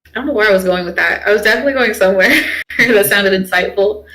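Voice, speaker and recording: A woman's voice: medium pitch, fast talker, sharp tone, poor audio. A young woman streamer chatting casually while she draws, rambling with lots of fillers. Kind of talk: casual chat while drawing.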